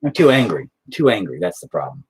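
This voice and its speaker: Husky, swearing young man. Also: low voice, big pitch swings, fast talker. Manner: self-deprecating, swears constantly, talks to his painting. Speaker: painting video host. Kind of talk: casual chat while painting.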